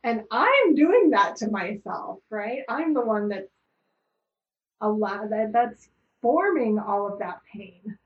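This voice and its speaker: A middle-aged woman talking slowly and calmly as an interview guest, reflective and searching, with many pauses. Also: fairly high pitch, highs cut off.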